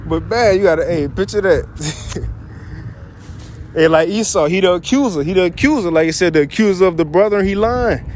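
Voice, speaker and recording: High-pitched male bible teacher, slangy and animated, reads verses and riffs on them. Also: normal speed, a little hiss or hum. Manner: reads verses aloud, then paraphrases in loose slang; animated, chuckles often. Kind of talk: casual scripture teaching.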